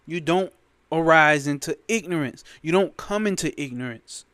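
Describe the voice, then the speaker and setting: Brief: male spiritual teacher, slightly high voice, dry close sound, emphatic and profane, casual commentary on scripture. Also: expressive, moderate pace, fairly bright tone, no room sound. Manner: emphatic, repetitive, sprinkled with profanity.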